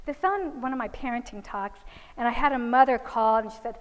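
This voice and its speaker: A woman's voice: fairly high pitch, a little fast, lo-fi sound. Storytelling woman in a reverberant hall. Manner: storytelling, acts out quoted voices of children and parents. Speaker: parenting seminar speaker. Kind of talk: religious parenting talk with anecdotes. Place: seminar hall.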